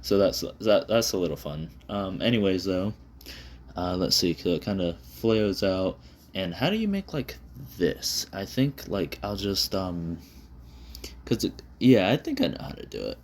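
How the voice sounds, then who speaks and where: A man's voice: deep voice, expressive, unhurried, slight background noise. A man talking casually into a propped-up phone while he draws, rambling and self-deprecating, with lots of fillers and swearing. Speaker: vlogger drawing on camera. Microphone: phone propped up on the desk.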